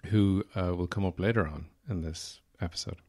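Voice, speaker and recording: A man's voice: low-pitched, normal speed, mellow. An Irish man hosting a solo podcast, rambling wryly from thought to thought with lots of "uh" fillers. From Ireland. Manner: rambling and digressive, many "uh" fillers; wry, self-deprecating humor. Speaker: podcast host. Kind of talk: casual solo podcast talk.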